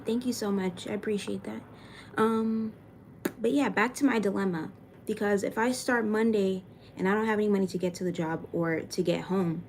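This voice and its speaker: A woman's voice: mid-range voice, slight background noise. A young woman from Florida chatting casually on a live stream, reading viewer comments aloud and venting frankly with plenty of swearing. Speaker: livestreamer answering chat.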